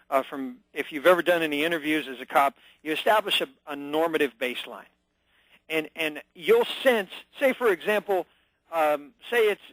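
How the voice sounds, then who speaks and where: A man speaking as a guest on a talk radio show, his voice sitting a little high. He talks with energy and emphasis, jumping into quick acted-out examples. The sound is close and dry, with no room around it. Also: a bit bright, no room sound, low-quality recording. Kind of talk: phone-in radio interview.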